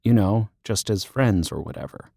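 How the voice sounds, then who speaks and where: A man's voice: fairly low pitch, expressive, gravelly, dark tone, slightly rough, dry recording, heavily acted. A man reading an audiobook, voicing an anxious young female teacher who is flustered, self-deprecating and close to tears. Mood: tearful. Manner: teary, self-deprecating, rushed. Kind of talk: audiobook character voice.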